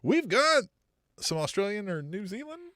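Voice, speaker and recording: A man's voice: sits high, sing-song, moderate pace, sharp tone, no echo, studio quality. A man co-hosting a wrestling podcast in casual chat, jokey and swearing, reading out comments from the live chat. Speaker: co-host.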